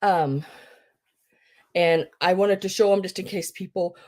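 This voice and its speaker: A middle-aged woman runs a casual live-stream sale in a somewhat low voice. She chats easily, greets viewers by name, and fills her talk with ums and restarts as she explains how the bidding works. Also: steady tone, unhurried, darkish tone. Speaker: online live-sale seller.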